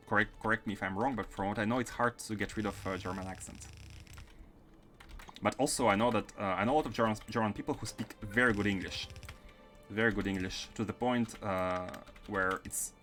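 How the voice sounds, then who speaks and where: Lowish man with a French-Russian accent. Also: pushed and bright. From France. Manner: thinks aloud while planning builds and answering chat. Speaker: game streamer. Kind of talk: live gameplay commentary.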